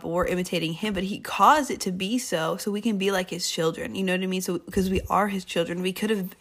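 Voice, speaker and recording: Rambling young woman hosting a chatty podcast. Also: mid-range voice. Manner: rambling, chatty, self-interrupting. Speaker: podcast host. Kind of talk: casual Christian podcast talk.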